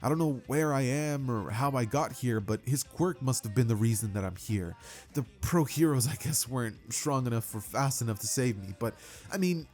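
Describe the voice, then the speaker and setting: A man's voice: medium pitch, expressive, moderate pace, darkish tone, faint music behind, natural voice. A man voicing a timid, nervous teenage boy student who stammers and rambles, in a fan-made spoken story.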